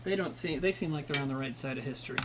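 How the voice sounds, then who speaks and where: A man's voice: mid-range voice, very fast, very noisy. A man chatting casually with his livestream chat while he cooks, rambling and swearing, joking at his own expense. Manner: rambling, profane, self-mocking banter with chat. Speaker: streamer cooking live.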